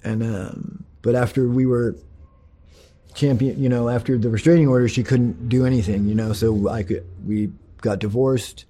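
A man's voice: mid-range voice, fairly even intonation, moderate pace, dark tone, breathy edge. A man candidly recounting his divorce and recovery, swearing often and rambling through fillers and restarts. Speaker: person telling his life story. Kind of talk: candid personal storytelling.

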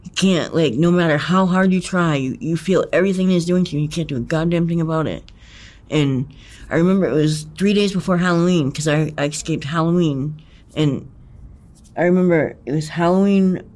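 A man's voice: fairly high pitch, darkish tone. Cursing man telling a harrowing story. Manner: profane, halting, with frequent restarts and fillers; intense, emphatic repetition. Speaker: interviewee. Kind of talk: recounting a personal ordeal in conversation.

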